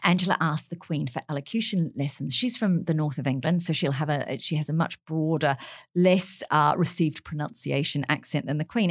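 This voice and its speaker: A woman chats eagerly about royal stories as a radio commentator. Her voice sits low for a woman, with a dry, close sound. She talks in an animated, storytelling way. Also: brisk, no echo. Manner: enthusiastic, chatty storyteller with frequent laughs. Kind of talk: radio chat segment.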